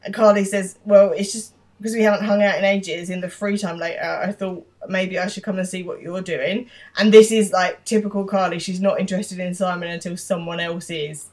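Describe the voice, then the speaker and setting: A woman's voice: fairly low pitch, steady tone, darkish tone. A woman co-hosting a podcast, casually narrating a TV episode's plot and quoting the characters. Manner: narrates plot quickly, quoting lines, with laughs. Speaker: podcast co-host. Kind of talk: casual recap chat.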